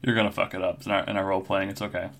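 A man with a lowish voice talks quickly in casual chat. His remarks are dry and teasing, and he swears casually. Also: level tone, a bit bright.

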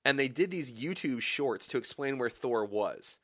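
A man's voice: normal speed, dry recording, studio quality. A young adult man hosting a radio talk show, chatting casually and ranting with growing animation. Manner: animated, rants with rising pitch and volume. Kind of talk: casual chat. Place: radio studio.

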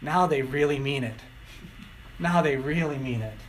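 A middle-aged man preaching a sermon, telling stories and acting out quotes with lively shifts. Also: a little high, normal speed, a little hiss or hum, low-quality recording. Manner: animated storytelling, acting out quotes.

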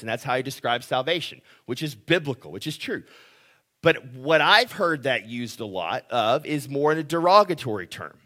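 A man's voice: mid-range voice, a bit bright. A man preaching a sermon in a conversational way, often restarting phrases and asking "right?". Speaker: pastor.

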